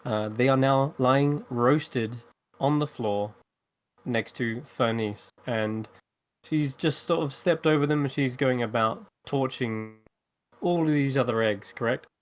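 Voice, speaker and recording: A man narrating as game master of an online tabletop game, in a relaxed, chatty way with many fillers. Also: medium pitch, measured pace. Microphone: home microphone on an online call.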